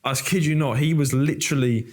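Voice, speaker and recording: A young man, an actor hosting a chat and telling lively set stories. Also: medium pitch, fairly quick. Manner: animated storyteller, many fillers. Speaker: actor and host. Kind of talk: casual interview chat.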